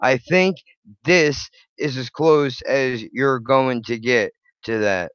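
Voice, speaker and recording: A man's voice: medium pitch, takes it slowly, fairly bright tone, clean tone, no room sound, muffled recording. A man hosting his channel, reacting to videos with blunt, profane, sarcastic commentary. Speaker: channel host.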